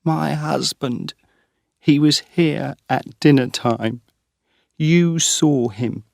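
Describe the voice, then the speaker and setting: A man's voice: on the high side, gravelly, no echo, clean studio sound, pitched above the performer's own voice, heavily acted. A man putting on a tearful tramp's wife. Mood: pleading. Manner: pleading, tearful, slow. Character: weary, unhappy wife of a tramp.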